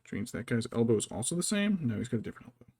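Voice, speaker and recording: A man's voice: mid-range voice, very animated, racing, gravelly, darkish tone, husky, no room sound. A man chatting casually as he paints miniatures, thinking aloud and muttering to himself. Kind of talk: casual chat while working.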